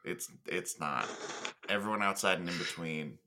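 A man's voice: sits low, normal speed, bright, forceful tone. A man co-hosting a movie podcast, chatting casually in a playfully exasperated way. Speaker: podcast co-host. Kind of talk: casual chat.

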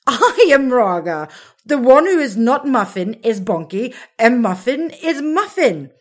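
A woman voicing a loud, boastful young lioness cub who talks emphatically and excitedly in a storybook reading. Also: fairly low pitch, moderate pace, slightly rough.

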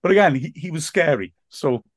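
Animated storytelling man, dry sound. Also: a little high, brisk, dry recording. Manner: animated storyteller, laughs often, acts out quotes. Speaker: football commentator, podcast guest. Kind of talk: casual podcast chat.

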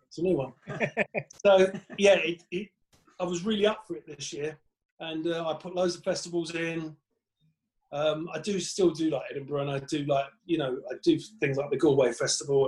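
Man, comedian guest, rambling anecdotes, slightly high voice, casual podcast chat. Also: rough recording. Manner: rambling, animated anecdotes with swearing.

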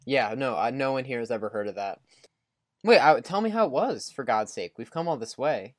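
A young man co-hosting a podcast, ribbing his partner in a deadpan, mock-formal tone. His mid-pitched voice is heard dry, close to the mic. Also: brisk, dry recording. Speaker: podcast co-host. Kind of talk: casual banter.

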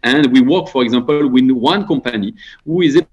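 Guy answering radio questions, halting, lots of restarts, remote line, medium voice. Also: medium pitch, highs cut off. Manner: halting, restarts phrases, non-native grammar. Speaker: guest, general manager of a recycling company.

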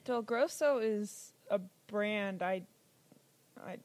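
A woman's voice: mid-range voice, slow, darkish tone, no room sound. A woman chiming in casually on a cooking podcast and helpfully suggesting names. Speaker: podcast editor and co-speaker. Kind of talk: casual chat.

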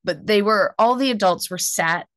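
A young American woman, a stand-up comedian, telling a story in casual chat, animated and laughing often. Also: medium pitch, moderate pace, dry recording. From United States.

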